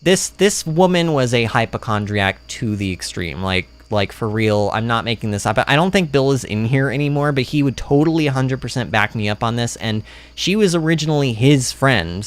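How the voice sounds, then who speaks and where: A man giving rambling, self-deprecating commentary during a gameplay livestream, speaking into a streaming microphone. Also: medium pitch.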